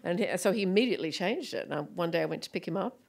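Woman, middle-aged, stage guest; low and gravelly, animated storyteller who acts out voices. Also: racing. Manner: animated storyteller acting out quoted voices, laughing often. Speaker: guest author and film director. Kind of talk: stage conversation, anecdotal storytelling.

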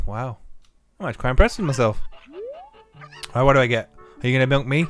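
A man's voice: mid-range voice, steady tone, a little fast, a bit bright, soft background music. A man playing a video game and giving goofy, self-mocking, rambling let's play commentary. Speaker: gaming youtuber.

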